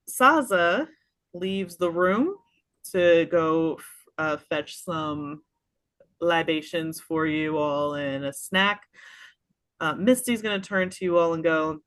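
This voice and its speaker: A woman running a tabletop game as game master, narrating in an unhurried way with many small pauses and fillers. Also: on the low side, a bit bright, no echo.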